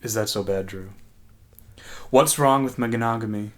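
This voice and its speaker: A man's voice: on the low side, normal speed. A man co-hosting a casual podcast, joking around in a loose, profane way. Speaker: podcast co-host. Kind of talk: casual chat.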